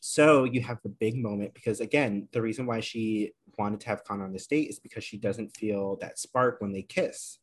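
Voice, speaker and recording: A man co-hosting a casual podcast, recapping a reality show in an animated, filler-heavy way. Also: lowish voice, normal speed, few pauses, breathy edge. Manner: animated storytelling, many fillers. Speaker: podcast co-host.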